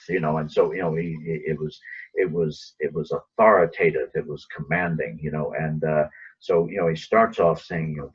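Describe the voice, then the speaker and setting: A man's voice: extremely low pitch, breathy edge. A man giving informal Bible teaching in a conversational way, often acting out the lines he quotes. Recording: dull lo-fi recording.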